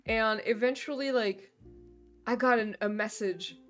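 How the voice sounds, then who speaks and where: A young woman with a slightly high voice talks through a long, rambling vent, swearing freely and circling back on herself. She chats casually as a streamer, with faint music playing behind her. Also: a little slow, fairly bright tone. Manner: rambling venting with frequent swearing. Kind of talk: casual chat. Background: faint background music.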